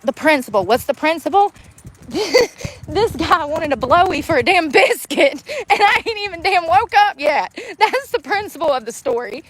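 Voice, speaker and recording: A woman ranting bluntly in a casual vlog, laughing often, recorded outdoors in the woods. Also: sits high. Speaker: vlogger.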